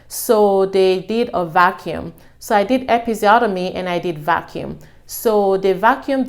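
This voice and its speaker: A young adult woman casually telling her own story to her viewers, acting out what people said with a raised voice. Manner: animated, acts out quotes with raised pitch.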